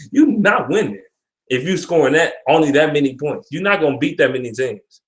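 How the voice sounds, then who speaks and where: In an echoey room, this sports fan vlogger rants with irritation over his football team, swearing and repeating himself. The young man's voice is fairly high, animated and brisk.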